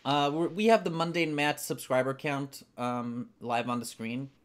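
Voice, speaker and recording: A man's voice: medium pitch, unhurried, clear, resonant tone. Teasing man hosting a live stream. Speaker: stream host. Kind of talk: casual live-stream chat.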